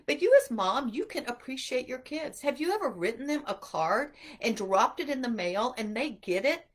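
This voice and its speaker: Middle-aged lady giving an earnest pep talk to moms, kinda high voice, really animated. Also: normal speed. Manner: animated, earnest, acts out quotes. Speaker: homeschool speaker. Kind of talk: inspirational talk to mothers.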